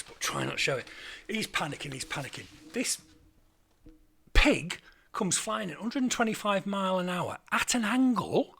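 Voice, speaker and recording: Male storyteller, gravelly bright voice, animated comic anecdote. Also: normal speed, slight background noise. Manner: animated, rising loud and high at the punchlines. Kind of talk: casual anecdote telling.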